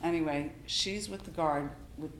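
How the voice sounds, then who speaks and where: An older woman telling family stories in an interview, animated and laughing often, acting out the people she quotes. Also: deep voice, normal speed. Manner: lively, laughs often, acts out quoted voices. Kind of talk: animated storytelling. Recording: echoey room with faint noise.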